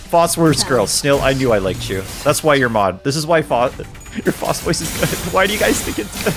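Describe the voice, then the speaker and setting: A man's voice: on the high side, fairly bright tone. A man streaming a game and chatting casually, laughing often as he answers his viewers' messages. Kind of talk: casual livestream chat.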